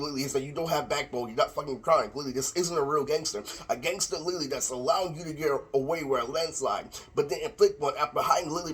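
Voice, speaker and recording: A man's voice: fairly high pitch, husky. A man delivering a rambling, profane rant to camera, repeating the same filler word constantly, recorded on a laptop microphone. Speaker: vlogger. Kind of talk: ranting monologue to camera.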